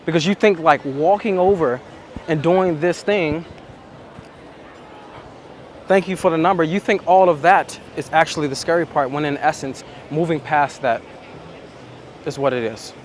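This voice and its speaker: Man, dating coach, reflective monologue, emphatic and repetitive, slightly high voice, faint street noise outdoors. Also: normal speed.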